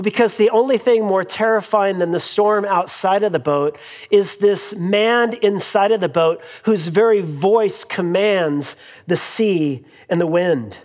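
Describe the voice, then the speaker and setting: A pastor preaching a sermon in a relaxed, conversational way, often restarting sentences and adding humorous asides, in a large church sanctuary. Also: medium pitch. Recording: long hall reverb.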